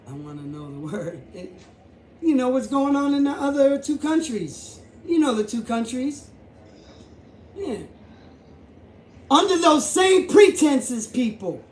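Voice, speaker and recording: A man hosting a commentary vlog, talking emphatically, repeating himself and building up to shouting. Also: very high-pitched, very animated, measured pace, a little hiss or hum. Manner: emphatic, repetitive, rising to shouts. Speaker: YouTube host. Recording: echoey room.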